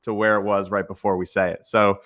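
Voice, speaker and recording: A man's voice: lowish voice, level tone, brisk, fairly bright tone. A man hosting a casual sports podcast in an upbeat, chatty way. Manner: upbeat, chatty, hums a jingle. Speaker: podcast host.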